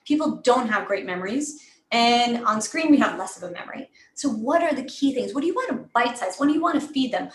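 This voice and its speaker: Woman speaking coach, higher voice, lively teaching delivery, echoey room. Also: fairly quick. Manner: energetic, coaching, demonstrates examples with lively voice shifts. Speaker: program director teaching presentation skills. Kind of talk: live online class. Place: room in New York.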